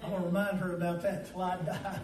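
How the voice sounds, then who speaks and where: High-voiced preacher in an echoing church. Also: male voice, flat delivery, fast talker. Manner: folksy storytelling, swings between loud and quiet. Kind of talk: sermon. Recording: echoey room, mic at a distance.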